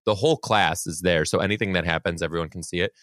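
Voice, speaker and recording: A young man, a podcast co-host and ex-teacher, gets worked up and swears while animatedly relating a teaching-days story in a casual storytelling chat. He's a fast talker with a low, slightly bright voice, recorded at studio quality without room sound.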